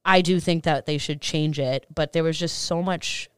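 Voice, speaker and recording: A woman in her thirties with a fairly low voice, speaking as a guest DJ in a casual podcast conversation. She talks in animated rushes, full of "like"s and casual swearing. The sound is clear and dry, close on the mic. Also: dry recording. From Boston area scene.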